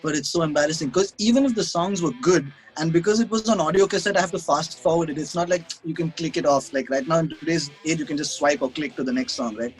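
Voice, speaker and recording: A man's voice: fairly high pitch, fast, hardly any pauses, faint music behind, rough recording. Man telling rambling stories. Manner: rambling, self-mocking, frequent restarts and laughs. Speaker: guest musician. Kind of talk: casual conversation over a video call. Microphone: video call.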